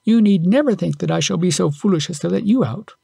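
A man's voice: sits high, animated, fast, vocal fry, mellow, breathy edge, no echo, heavily acted. A man doing a weepy little girl. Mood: tearful. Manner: tearful, pleading.

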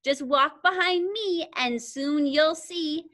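A woman's voice: high voice, slow, fairly bright tone. A young woman voicing a small, clever, boastful mouse in a storybook read-aloud over a video call.

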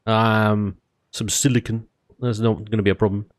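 A man giving casual, chatty let's-play commentary as he builds in a space game, excitable and often laughing. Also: fairly low pitch, normal speed. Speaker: gaming YouTuber.

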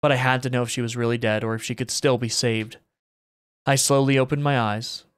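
A man streaming a horror game, reading its story aloud steadily with quick spoken reactions. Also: medium pitch, little pitch movement, clear, resonant tone, dry recording. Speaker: gaming streamer.

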